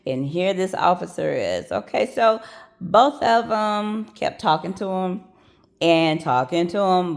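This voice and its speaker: Sassy gravelly-voiced woman storyteller. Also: fairly low pitch. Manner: sassy, blunt and profane, acts out quoted lines. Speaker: prison nurse telling a story. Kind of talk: casual storytelling vlog.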